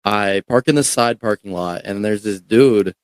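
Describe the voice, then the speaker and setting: Young man telling a story, low voice. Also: normal speed, clean tone, dry recording. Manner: animated, profane, repeats words. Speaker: podcast guest. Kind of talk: casual storytelling.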